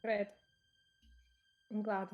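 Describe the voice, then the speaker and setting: A woman's voice: mid-range voice, little pitch movement, drawn-out words, highs cut off. A woman playing in a tabletop game, chatting casually and giggling. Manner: playful, giggly banter. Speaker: player.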